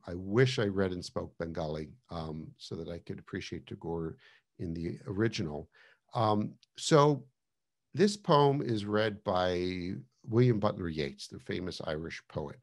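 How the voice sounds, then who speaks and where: A man's voice: low-pitched, lively intonation, unhurried. A man giving a casual online lecture over a video call, chatty, with many fillers and restarts.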